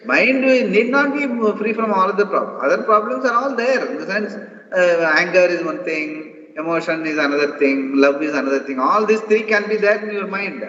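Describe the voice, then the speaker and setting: A man's voice: high voice, lively intonation, normal speed, fairly bright tone. A man teaching a scripture class over a video call, earnestly explaining and repeating phrases for emphasis. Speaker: spiritual teacher. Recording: echoey distant online call, dull lo-fi sound, faint hiss.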